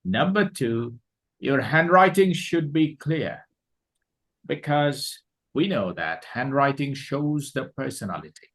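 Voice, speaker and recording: A man giving a classroom lecture on presentation skills, deliberate and repeating his points for emphasis. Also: medium pitch, expressive, a bit bright.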